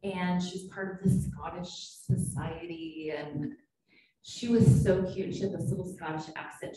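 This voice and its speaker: A woman's voice: medium pitch, warm tone. A woman psychiatrist giving a conference keynote, talking in a conversational, anecdotal and self-deprecating way. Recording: very echoey hall, distant mic, faint noise.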